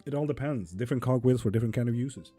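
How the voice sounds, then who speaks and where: A man's voice: medium pitch, racing, dark tone, breathy edge, soft background music. A man chatting casually on a live tarot stream, reading viewers' comments aloud and swearing freely. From Sweden.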